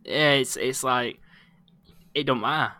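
A man's voice: medium pitch, a little slow, a loud crowd. A man co-hosting a casual gaming chat, chiming in with short agreements. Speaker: podcast co-host.

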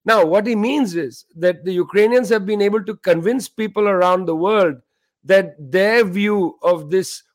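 A man hosting a news program, giving measured, emphatic commentary with frequent fillers. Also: high voice. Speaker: news show host.

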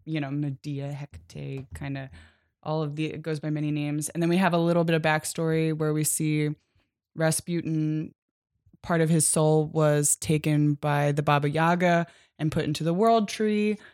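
A woman's voice: deep voice, level tone, normal speed, a little mellow, smooth, dry recording, studio quality. A woman co-hosting a podcast, recapping a comic in a rambling, casual way, with many fillers and easy laughter. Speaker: podcast co-host.

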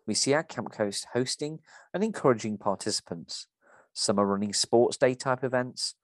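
A man's voice: mid-range voice, normal speed, no room sound. A man co-hosting a podcast, reading a script aloud and discussing it with a theatrical delivery.

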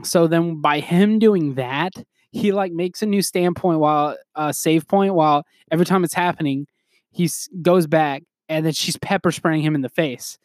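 Male podcast host, casual rambler who chuckles, slightly high voice, dry sound. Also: moderate pace, no room sound. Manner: rambling, full of "like" fillers and chuckles. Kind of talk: casual chat.

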